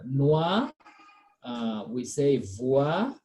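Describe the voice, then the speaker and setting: A man teaches French pronunciation one on one, patient and repetitive, checking in often. His voice is mellow and mid-pitched. Faint noise sits behind him. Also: big pitch swings, drawn-out words. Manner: patient, repeats words and checks with "okay?". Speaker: French tutor. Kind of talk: one-on-one language lesson.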